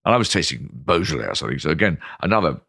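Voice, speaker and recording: Deep-voiced older British man telling stories. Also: rapid-fire, vocal fry, dry recording, clean studio sound. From Britain. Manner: animated, lots of ums and restarts. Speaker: interview guest. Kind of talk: anecdotal storytelling.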